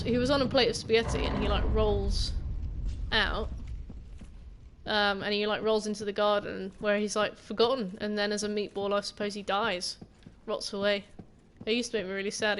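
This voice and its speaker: A woman's voice: mid-range voice, background noise. A woman game streamer giving casual, rambling gameplay commentary and swearing now and then.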